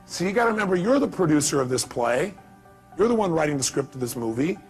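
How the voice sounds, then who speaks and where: A man gives an emphatic motivational seminar talk in a high, forceful voice. He throws rhetorical questions at the audience. His delivery stays punchy throughout. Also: big pitch swings, fast, faint music behind. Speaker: motivational speaker.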